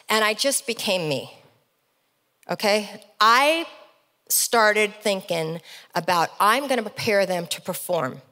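A middle-aged woman giving a motivational keynote speech on stage, telling stories as a lively, animated storyteller with comic asides. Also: mid-range voice, big-room sound. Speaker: keynote speaker. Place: large event hall, on stage.

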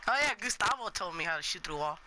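Teen boy, lively swinging voice, mouthy gamer on a noisy headset. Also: sits high, racing. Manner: trash-talking, excitable, swears. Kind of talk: casual gaming chat. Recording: noisy console party chat.

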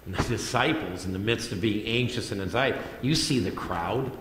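A man's voice: lowish voice, normal speed, a bit bright, a little hiss or hum. A male pastor preaching a sermon in a conversational way, repeating phrases for emphasis. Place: church sanctuary. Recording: echoey hall with long reverb.

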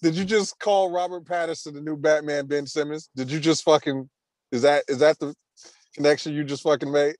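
A man with a fairly high voice hosts a casual podcast chat, teasing his co-host and breaking into laughter often. The sound is dry and close, with no room echo. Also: fairly even intonation, a little fast, darkish tone.

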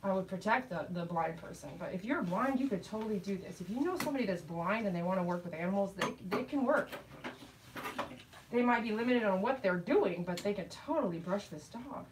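A middle-aged woman and dog groomer chatting casually while she grooms, telling animated stories and laughing often. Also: medium pitch, a little fast, far from the mic, slight background noise, low-quality recording. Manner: chatty, animated storytelling with quoted voices.

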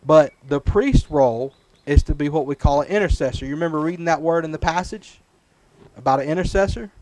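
A man's voice: on the high side, fairly quick, darkish tone, a little hiss or hum, poor audio. A man, a preacher, teaching a children's Sunday school Bible lesson, checking in with the kids often. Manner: patient, checks in often with "right?" and "okay?".

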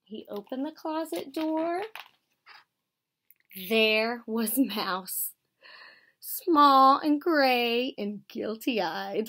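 An American woman teacher reading a picture book aloud to children, gently explaining words as she goes. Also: sits high, lively intonation, very slow. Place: school.

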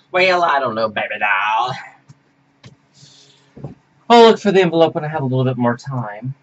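A man rambling theatrically to his webcam at home, whooping, giggling and flipping between shrill squeals and low mutters. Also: very animated, moderate pace, long pauses, dull audio. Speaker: performance artist vlogger. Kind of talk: rambling camp monologue to webcam.

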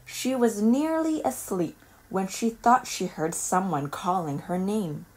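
A woman reading a children's picture book aloud in a calm, measured storytelling voice. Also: medium pitch. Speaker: storybook reader.

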